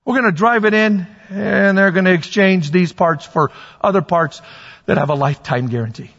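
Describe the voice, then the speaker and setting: Man, pastor, sermon, husky high voice, lo-fi recording, long hall reverb, builds to shouts. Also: moderate pace. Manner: preaching, rising to shouts on key points, asks the congregation questions.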